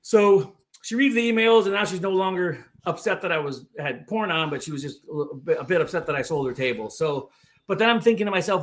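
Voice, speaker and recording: A man's voice: high-pitched, expressive, brisk. A man with a voice sitting a little above the usual male range, spinning a story for a podcast host. He talks casually and animatedly, leaning on filler words and acting out what people said. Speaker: podcast guest, woodworker.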